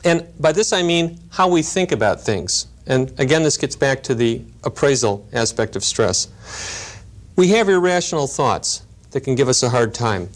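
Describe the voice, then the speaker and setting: A man lecturing in a measured, explanatory way, with storytelling asides. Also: medium pitch, expressive. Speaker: lecturer on grief and helping work. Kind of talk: recorded teaching lecture.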